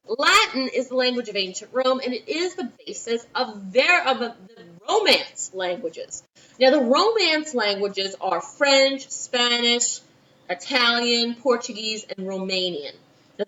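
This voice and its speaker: New Orleans teacher, bright voice. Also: female voice, a little high, recorded from a distance, highs cut off, a little hiss or hum. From Louisiana, USA. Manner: chatty, with asides and quoted voices. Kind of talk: recorded history lesson for a class.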